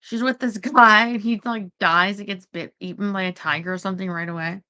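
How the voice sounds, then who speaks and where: A woman's voice: medium pitch, steady tone, brisk, bright, forceful tone. A woman hosting a casual chat, rambling with lots of fillers and quoting herself. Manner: rambling, full of fillers and self-quotes. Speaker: podcast host.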